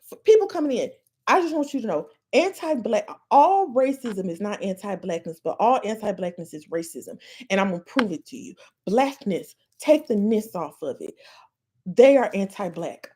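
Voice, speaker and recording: Husky, animated woman ranting. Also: medium pitch. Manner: heated, profane, fast ranting. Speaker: podcast host. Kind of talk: live-stream rant.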